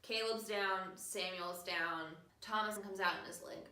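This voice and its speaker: A woman's voice: mid-range voice, fairly even intonation, unhurried, pushed and bright, echoey room, far from the mic. A woman hosting a casual podcast, recapping a movie in a chatty, sarcastic way and acting out the characters' lines. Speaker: podcast host.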